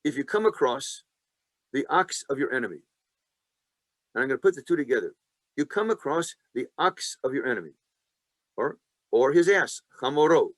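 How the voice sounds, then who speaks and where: A man teaching a Torah class, emphatic and lively, who asks his listeners questions and answers them himself, with joking asides. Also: medium pitch, normal speed, pauses often, no echo.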